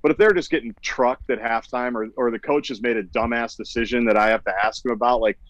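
A man's voice: mid-range voice, fast, dry recording, dull audio. A man in his forties, a sports radio host appearing as a guest, chatting casually and rambling with lots of "like". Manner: rambling, full of "like". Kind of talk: casual podcast chat.

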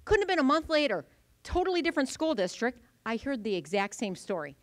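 Woman in her forties, keynote-style workshop talk, bright and expressive, acts out anecdotes, close dry mic. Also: high-pitched, a little fast, dry recording. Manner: animated storytelling, acting out voices. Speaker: conference speaker. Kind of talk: lively conference presentation. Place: event venue.

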